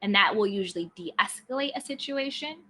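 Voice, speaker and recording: A woman with a bright, clear voice gives motivational self-help advice. She speaks calmly and earnestly, and she repeats short guiding phrases as she coaches her listeners. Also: mid-range voice, a little fast, slight background noise.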